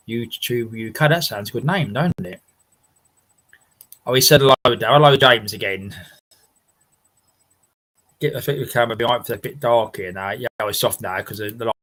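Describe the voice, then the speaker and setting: Man, livestream host, lowish voice, rambling, laughing, swears casually, chatting from home. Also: a bit bright, poor audio. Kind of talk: casual chat reading viewer comments. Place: his house.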